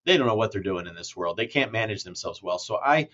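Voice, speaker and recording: A man's voice: on the low side, expressive, fast talker, sharp tone. A man, a franchise company president, giving blunt, emphatic motivational answers in a podcast interview. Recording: muffled lo-fi audio.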